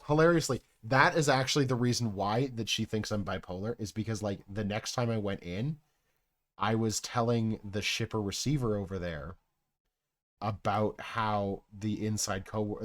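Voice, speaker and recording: A young man with a lowish voice, rambling and swearing his way through a story. He talks to his live-stream chat in a loose, unscripted way, doubling back and restarting as he goes.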